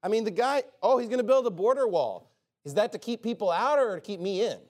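A preacher giving a loose, off-the-cuff sermon, his voice pitched a little high for a man. He talks in a sarcastic, rambling way and keeps slipping in joking asides. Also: expressive, fairly quick, darkish tone. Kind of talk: informal sermon.

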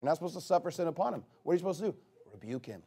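A male pastor preaching a sermon, emphatic and rising to loud passages as he drives his points home. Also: a little high, lively intonation, very fast, husky.

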